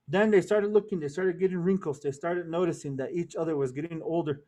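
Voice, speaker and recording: A man's voice: fairly high pitch, a little fast, few pauses, warm tone. A man telling a traditional story as a lesson, repeating words for rhythm and mixing in Navajo words. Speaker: storyteller and cultural presenter.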